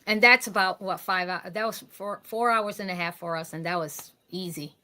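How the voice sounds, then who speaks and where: A woman's voice: fairly low pitch, normal speed, pushed and bright. A woman guest in casual chat, rambling a little with many restarts.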